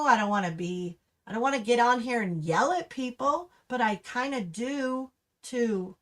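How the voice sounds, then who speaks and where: A woman's voice: fairly high pitch, a bit bright. A woman hosting her own livestream, ranting in an impassioned, restless way. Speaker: livestream host. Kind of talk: angry livestream commentary. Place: Humboldt County, California.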